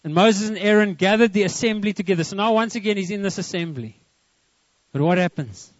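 A man's voice: high voice, brisk, no echo, muffled recording. A man preaching a sermon to a congregation, often stopping to ask them questions. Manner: lively, asks the congregation questions. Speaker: pastor.

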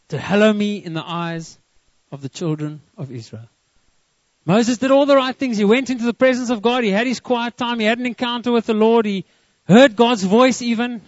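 A man's voice: sits high, normal speed, pauses often, no echo, dull audio. A man preaching a sermon to a congregation, often stopping to ask them questions. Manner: lively, asks the congregation questions. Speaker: pastor.

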